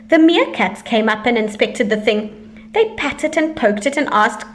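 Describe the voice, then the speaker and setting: Lively woman reading a children's story. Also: a little high, a little slow. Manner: lively, sing-song rhyming delivery. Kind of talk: reading a picture book aloud.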